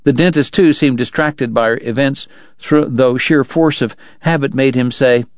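A man narrating a novel in a steady, measured storytelling voice. The sound is close and dry, with a slightly dull, muffled top end. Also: medium pitch, no echo. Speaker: audiobook narrator. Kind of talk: scripted narration.

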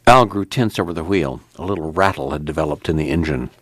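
A man reading a novel aloud in steady, measured narration. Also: extremely low pitch, slightly rough, no echo. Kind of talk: audiobook narration.

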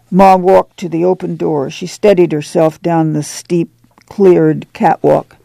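Gravelly male audiobook narrator. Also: on the high side, little pitch movement, unhurried, warm tone, dry recording. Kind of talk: scripted narration.

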